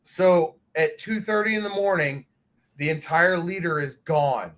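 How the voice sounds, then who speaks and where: Male guest, high bright voice, crude rowdy raconteur for a casual stream. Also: unhurried, rough recording. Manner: profane, animated storyteller. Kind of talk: casual chat.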